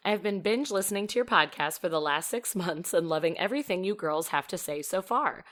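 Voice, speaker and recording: A woman co-hosting a podcast in casual chat, chatty and expressive, laughing often as she reads a listener's email aloud. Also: fairly low pitch, fairly quick, few pauses. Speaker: podcast co-host.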